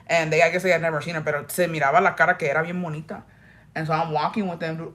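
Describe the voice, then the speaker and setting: A young woman telling stories in a casual get-ready-with-me chat, swearing freely and mixing English and Spanish. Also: lowish voice. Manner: profane, animated storytelling, switching between English and Spanish. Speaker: vlogger.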